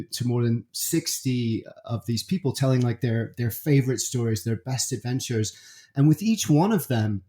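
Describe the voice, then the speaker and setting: A British man, a podcast guest, chatting in a relaxed, friendly way with frequent ums. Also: medium pitch. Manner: relaxed and friendly, says mate, um-filled. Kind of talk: casual interview chat.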